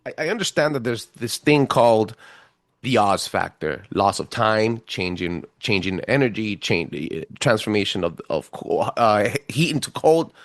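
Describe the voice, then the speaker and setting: A man hosting a casual interview show, animated and stumbling over his words as he asks questions. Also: fairly low pitch, normal speed, no room sound, clean studio sound. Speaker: podcast host.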